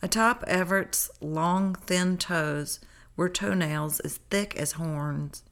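A woman reads her own memoir aloud in a calm, unhurried manner. Her voice sits on the low side, and she tells the story plainly. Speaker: narrator. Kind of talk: memoir read-aloud narration.

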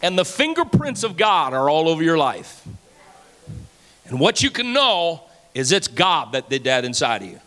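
Male pastor, fifties, sermon; conversational storyteller, bright tone, reverb of a large hall. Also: fairly high pitch, sing-song, moderate pace, faint music behind. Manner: conversational storytelling preacher, acts out dialogue, repeats words.

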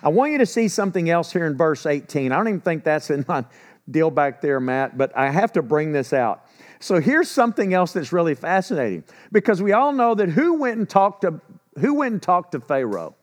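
Animated male preacher, bright voice. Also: a little high, a little fast. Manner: animated storytelling, acting out quotes; conversational, self-correcting. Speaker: pastor. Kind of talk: sermon.

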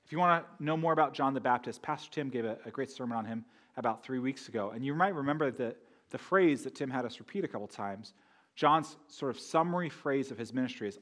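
A man's voice: mid-range voice, lively intonation, fairly quick, fairly bright tone. A man preaching a sermon in a conversational way, often asking the congregation questions. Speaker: pastor.

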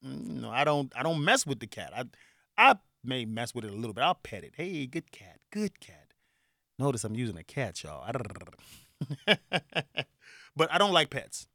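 A man in his forties from Chicago with a Chicago accent, hosting a casual solo podcast, animated and joking, laughing often. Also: mid-range voice, moderate pace, vocal fry, long pauses, no echo, studio quality. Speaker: podcast host.

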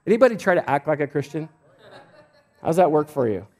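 Casting note: middle-aged male pastor from Idaho, slightly high voice, loose conversational preaching full of restarts and little jokes. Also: sing-song, a little fast, a little mellow. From Idaho, United States. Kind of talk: sermon.

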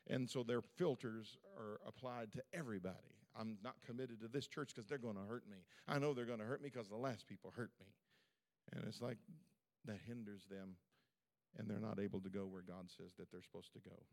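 Gravelly fervent male pastor preaching. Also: on the low side, fairly even intonation, a little fast, a little mellow. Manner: fervent, conversational preaching with repetition. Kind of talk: sermon. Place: church service.

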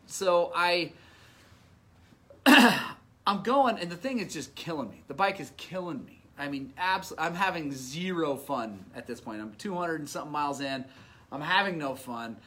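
Laughing, self-mocking bright-voiced man. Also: on the high side. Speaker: off-road motorcycle racer telling a race story. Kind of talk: casual storytelling.

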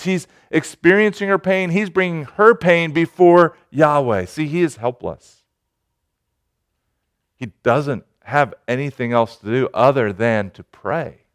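Earnest pastor with a smooth, clear voice. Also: male voice, medium pitch, unhurried. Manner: earnest, rising to urgent pleading then dropping to quiet. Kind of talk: sermon.

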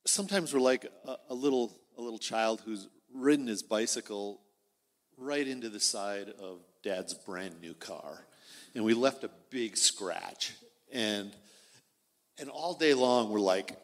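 A man telling an illustration at church in an animated way, acting out voices and often restarting. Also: medium pitch, a little slow, long reverb tail. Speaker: church member sharing an illustration. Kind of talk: spoken illustration.

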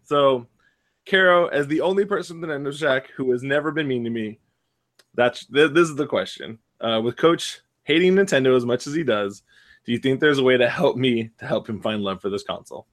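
Male podcast host, mid-range pitch, animated casual storyteller. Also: brisk. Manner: animated storyteller, laughs often.

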